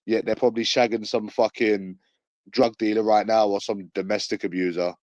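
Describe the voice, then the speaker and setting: A man's voice: lowish voice, fairly even intonation, moderate pace, a little mellow, no echo, poor audio. A man with a London accent ranting in a repetitive, sweary, sarcastic monologue. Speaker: vlogger.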